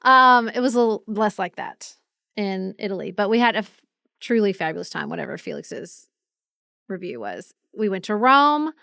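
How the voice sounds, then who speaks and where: A woman in her forties co-hosts a podcast and tells stories in a relaxed, chatty way. Her voice is smooth with a gravelly edge. The sound is dry and close. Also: mid-range voice, moderate pace, no echo. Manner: chatty storyteller, mimics people she met. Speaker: podcast co-host. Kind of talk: casual chat.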